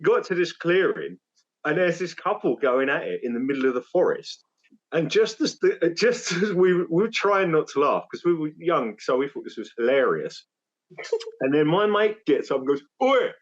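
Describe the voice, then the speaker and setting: A young man telling an animated story from his school days as a podcast co-host chatting with his family. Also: on the high side, moderate pace. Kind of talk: casual storytelling chat. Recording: dull lo-fi sound.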